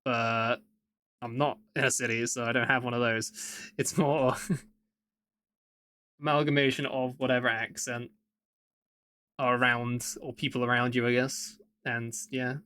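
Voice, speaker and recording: A man's voice: medium pitch, flat delivery, unhurried, long pauses, pushed and bright, clean tone, dry recording. A man with an English Midlands accent chatting casually and rambling while he draws on a live stream, chuckling often. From England. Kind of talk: casual chat while drawing.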